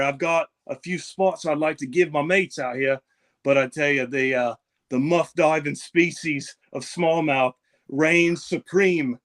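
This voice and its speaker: A man's voice: fairly high pitch, a bit bright. A man voicing a boastful Australian fisherman persona with a put-on Australian accent, talking with cocky swagger. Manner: cocky, swaggering, full of bluster. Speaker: guest. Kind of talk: comedic character bit.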